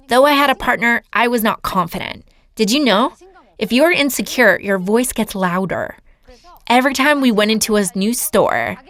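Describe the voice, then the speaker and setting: A woman's voice: medium pitch, gravelly, fairly bright tone. A woman giving a lecture as an earnest personal testimony, telling her story to a seminar audience. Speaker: seminar speaker.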